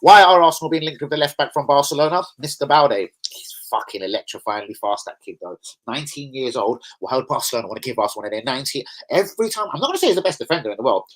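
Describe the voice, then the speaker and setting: Excitable slangy football fan. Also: male voice, a little high, a little hiss or hum, poor audio. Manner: excitable, slangy, swearing rants. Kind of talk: casual fan chat.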